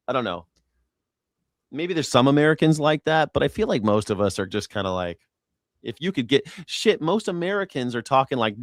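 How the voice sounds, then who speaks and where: A man's voice: on the high side, lively intonation, moderate pace, no echo. Profane joking man on a dry mic. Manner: profane, jokey, mimics accents. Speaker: show host. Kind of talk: casual live-stream chat.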